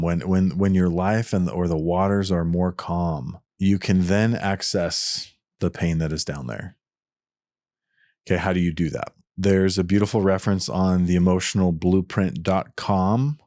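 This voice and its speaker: Recorded dry and at studio quality, a man with a low-pitched, darkish voice hosts a reflective solo podcast. He works through ideas in an earnest, explanatory manner, frequently starting his sentences over.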